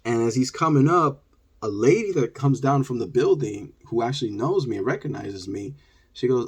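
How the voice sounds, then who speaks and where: A man tells a childhood story in his vlog, animated and peppered with "like" fillers. His voice sits mid-range with a husky, slightly rough grain. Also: medium pitch, moderate pace. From New York. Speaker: vlogger.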